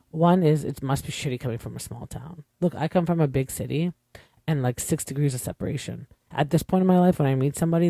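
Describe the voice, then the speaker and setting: A man's voice: on the high side, gravelly, mellow, no room sound, clean studio sound. A young man from Canada, an opinionated podcast host chatting casually through a reality TV recap with lots of fillers.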